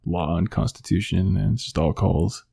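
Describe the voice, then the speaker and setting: A man with a low, gravelly voice and a mellow, dark tone, chatting on a podcast. He teases and jokes in a dry, deadpan way during loose, casual banter. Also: normal speed, no echo. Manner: joking, deadpan teasing. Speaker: podcast co-host.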